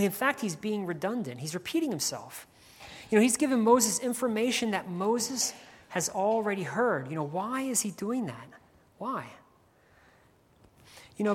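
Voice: mid-range voice, long reverb tail. A preacher giving a morning sermon from a church stage, filling nearly every phrase with "you know" and repeating key lines for emphasis.

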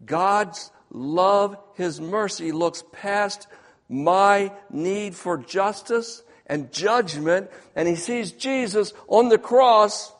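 Male preacher, higher voice, dynamic sermon delivery, long hall reverb. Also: very slow. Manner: swings from hushed to loud, emphatic preaching.

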